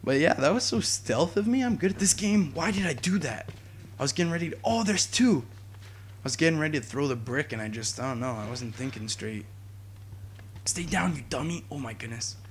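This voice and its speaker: A young man giving jokey, excitable commentary while playing a video game, talking to his viewers and yelling at enemies. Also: fairly high pitch, a little fast, slight background noise. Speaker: gaming YouTuber. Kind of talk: let's play commentary.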